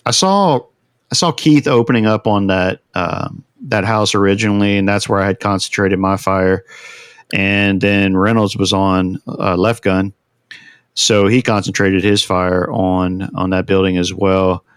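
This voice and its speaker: A man, a veteran guest on a podcast, telling a long story in a casual, animated way and acting out the quotes. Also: low-pitched, a little slow, smooth, no room sound, studio quality. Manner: animated, acts out shouted quotes.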